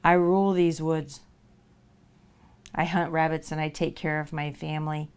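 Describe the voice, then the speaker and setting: A woman voicing a proud, stern male wolf who guards his family, speaking low and firm. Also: level tone, moderate pace, darkish tone, smooth, close to an everyday voice.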